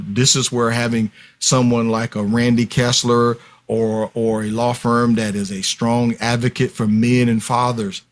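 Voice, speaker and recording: A man explains things at length as a podcast guest. He speaks emphatically, in a lecturing way, and often addresses the listeners directly. His voice sits at a middling pitch. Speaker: guest expert on paternity fraud.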